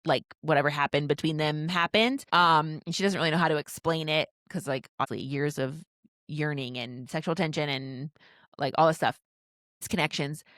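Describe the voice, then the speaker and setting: A woman's voice: deep voice, moderate pace, no room sound, clean studio sound. A woman co-hosting a book podcast, giggling as she retells a romance novel's plot and acts out the characters' lines. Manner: giggly, animated retelling with quoted dialogue. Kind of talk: casual recap of a romance novel.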